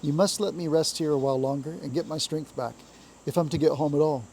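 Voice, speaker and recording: Man doing a small timid mole, feeble, plaintive, higher voice, storybook. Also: fairly quick, darkish tone, a little hiss or hum, natural voice. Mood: weary. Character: small timid male mole, frightened and worn out.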